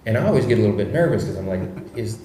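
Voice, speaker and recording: A man speaking as a political guest in an interview, telling stories in an animated, casual way with frequent restarts. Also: fairly low pitch, racing, echoey room, noisy background. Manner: animated anecdote-teller who speeds up and laughs through stories.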